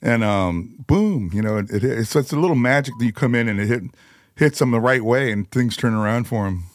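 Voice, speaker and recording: A man's voice: medium pitch, fairly quick, no echo. A man, a guest on a podcast, telling loose, rambling stories full of "you know" and "like" in casual conversation. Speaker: guest musician.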